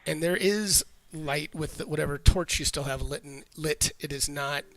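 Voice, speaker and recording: A man running a tabletop game as game master, narrating scenes in a halting way that repeats words. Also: a little high, sharp tone, slight background noise.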